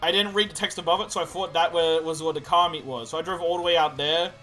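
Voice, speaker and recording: A young man tells game stories on a podcast at a rapid clip, swearing freely and throwing himself into the quotes. His voice is high-ish and bright, with faint music playing underneath. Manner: excitable storyteller, swears freely, acts out quotes loudly. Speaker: podcast co-host. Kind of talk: casual chat recounting a role-play game.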